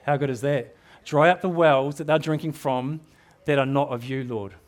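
Preaching a sermon at a moderate pace, this middle-aged New Zealander has a medium-pitched voice and a steady tone. His manner is earnest and exhorting, with frequent repeated words as he builds a point.

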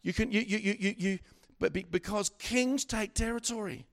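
Middle-aged male preacher, high-pitched, animated sermon delivery with stammered restarts. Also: normal speed, gravelly. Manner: animated, swings from loud exhortation to quiet asides, stammering restarts.

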